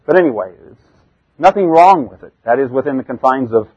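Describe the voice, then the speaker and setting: A man with a slightly husky voice teaches through scripture, reading verses aloud and then explaining them. He corrects himself and adds asides as he goes. The sound is dull and lo-fi, like an old radio broadcast. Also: medium pitch, lively intonation, brisk, a little mellow. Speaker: Bible teacher.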